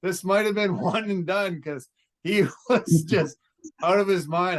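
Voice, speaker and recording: In casual chat on a sports podcast, a male co-host gets animated and laughs, doing impressions of fighters as he talks. His voice is high and his pace unhurried.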